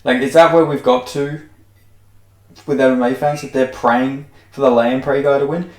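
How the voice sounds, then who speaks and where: A man's voice: mid-range voice, darkish tone. A man ranting casually about fighters and fans, exasperated, swearing heavily and restarting his sentences as he goes. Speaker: MMA commentary channel host. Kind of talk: casual opinion rant. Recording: echoey room.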